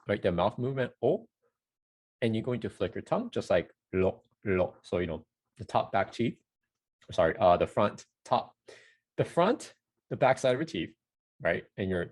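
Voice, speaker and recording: A man with a husky, somewhat low voice walks through a casual pronunciation lesson. He sounds out each syllable slowly and repeats it, now and then correcting himself mid-sentence. His pitch moves in a lively way between high and low. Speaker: Japanese teacher.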